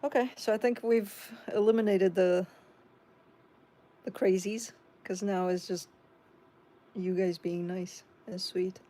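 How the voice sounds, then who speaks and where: A woman's voice: medium pitch, fairly even intonation, slow, pauses often, mellow. A woman with a Chicago accent hosting a tarot live stream, reading viewer comments aloud and chatting back casually.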